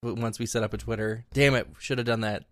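A young man co-hosting a podcast, deadpan and sardonic in casual banter. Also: mid-range voice, fast, no room sound, clean studio sound. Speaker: podcast co-host.

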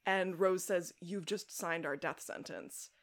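Animated woman podcast co-host. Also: lowish voice, a little slow. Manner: animated, swears, acts out quotes. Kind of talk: casual chat recapping a TV episode.

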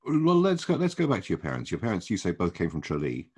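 Male interviewer, very deep voice, lively intonation, short probing questions. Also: quick pace, slightly rough. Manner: probing, brief follow-up questions.

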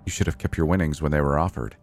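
A man voicing a sly, mustached stranger from the shadows who speaks calmly and smugly. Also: very deep voice, very fast. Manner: calm, smug and sly.

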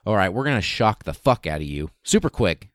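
A man's voice: lowish voice, sing-song, a little fast, dry recording, studio quality. A man doing a gleeful, reckless doctor. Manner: profane, breezy, mock-cheerful. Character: gleeful reckless male doctor, crude and cheerful.

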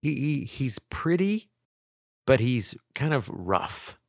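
A man co-hosting a podcast, chatting casually in an animated, rambling way with frequent restarts. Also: mid-range voice, slow pace, vocal fry, no room sound, clean studio sound. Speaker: podcast co-host. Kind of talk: casual chat.

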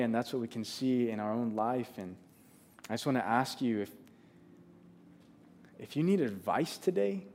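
A man's voice: medium pitch, a little mellow, a little hiss or hum. A man preaching a sermon, earnest and conversational, often restarting his sentences. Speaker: pastor.

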